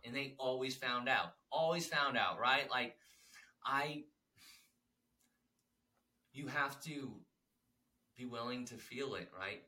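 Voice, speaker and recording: A man co-hosting a podcast, talking in a rambling, animated way about feelings and fear, with many restarts. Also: lowish voice, poor audio. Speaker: podcast co-host. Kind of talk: casual spiritual chat.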